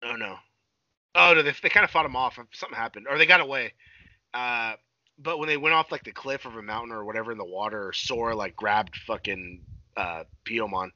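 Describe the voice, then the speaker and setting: A man's voice: medium pitch, fairly quick, pushed and bright, no echo. A man in casual podcast chat, recapping a cartoon episode in a profane, rambling way full of filler sounds. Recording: dull lo-fi recording.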